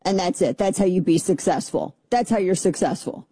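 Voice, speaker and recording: A woman's voice: on the low side, moderate pace, dark tone, slightly rough, dry recording. A middle-aged woman hosting a political radio talk show, chatty, opinionated and sarcastic. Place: radio studio.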